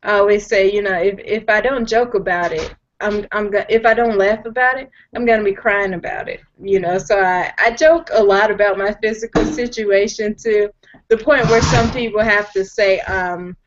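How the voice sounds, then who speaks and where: A woman in her twenties from Chicago, telling her personal story on an online call, hesitant with lots of "um"s and quick to joke about herself. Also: mid-range voice, fairly even intonation, dull audio, slight background noise. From Chicago, USA. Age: 20s. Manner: hesitant with many "um"s, self-joking. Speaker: guest panelist. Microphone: video call.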